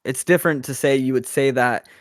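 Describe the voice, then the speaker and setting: Man co-host, podcast film chat, dry close sound, animated retellings. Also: mid-range voice, a little fast, no room sound. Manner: animated, acts out movie lines. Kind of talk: casual film discussion.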